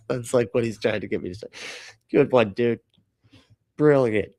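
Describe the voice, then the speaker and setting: A man's voice: medium pitch, slow, pauses often, darkish tone, no echo. A man hosting a live reaction stream, joking and sarcastic, laughing often and greeting chatters by name. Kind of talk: casual live-stream chat.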